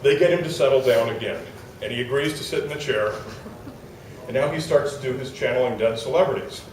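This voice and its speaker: An animated man tells a comic story to a live audience, voicing the people in it. His mid-range voice rings through a roomy hall, picked up from a little way off the mic with a faint hiss behind it. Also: mid-range voice, fairly quick, recorded from a distance. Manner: animated, acts out quotes, laughs while telling. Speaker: storyteller on stage.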